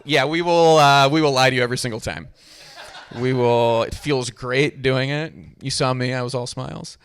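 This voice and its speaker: A man's voice: mid-range voice, steady tone, moderate pace, clean tone. Dry young male stand-up comic. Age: young adult. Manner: dry, self-deprecating delivery. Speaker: stand-up comedian. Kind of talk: stand-up comedy set.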